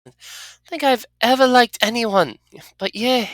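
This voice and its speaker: A player voicing a prickly young tiefling woman, gruff and defensive. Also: mid-range voice, unhurried, a bit bright, no room sound, voice pushed up, lightly acted. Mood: grudging. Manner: gruff, defensive, inverted word order. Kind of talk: reading game dialogue aloud.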